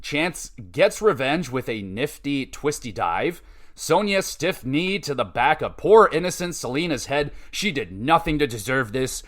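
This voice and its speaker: A man's voice: on the high side, expressive, unhurried, fairly bright tone. A man hosting a podcast, recapping wrestling matches in a casual, chatty way with offhand asides and scores. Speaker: podcast host.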